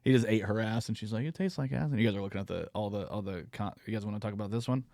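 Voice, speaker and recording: A man's voice: on the low side, fairly even intonation, racing, darkish tone, no echo. A man hosting a comedy podcast, telling rambling, profane stories and acting out what people said. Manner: rambling storyteller, swears a lot, acts out quotes. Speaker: podcast host. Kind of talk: casual comedy chat.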